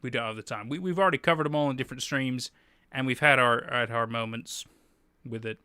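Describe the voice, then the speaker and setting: A man's voice: mid-range voice, brisk, bright, forceful tone, clear, resonant tone, no room sound. A man hosting a livestream, chatting casually and animatedly, laughing often and swearing freely. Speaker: livestream host.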